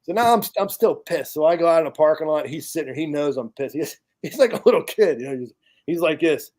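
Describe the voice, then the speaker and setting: A man's voice: on the high side, animated, fast talker, darkish tone. A man in a podcast chat, bluntly telling a profane story about his charity work with veterans. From United States. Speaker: podcast guest, charity founder.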